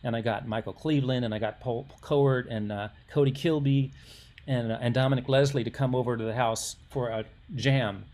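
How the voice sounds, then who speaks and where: A man's voice: medium pitch, fairly even intonation, moderate pace, darkish tone. Older male musician guest, casual anecdotal storyteller, rambling and self-interrupting.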